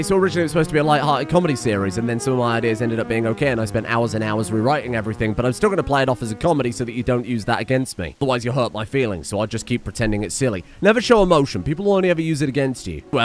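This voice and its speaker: A man hosting a let's play, narrating as he goes with excitable, jokey asides and frequent swearing, his voice strained from shouting. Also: mid-range voice. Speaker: gaming channel host.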